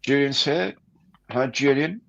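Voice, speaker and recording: A man's voice: mid-range voice, unhurried, vocal fry, a bit bright, dull audio. A man hosting a casual live stream, chatting and greeting viewers by name.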